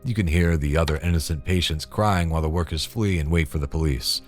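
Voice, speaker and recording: A man's voice: extremely low pitch, brisk. A man narrating scripted commentary in a dry, disapproving manner. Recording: voice-over with faint music.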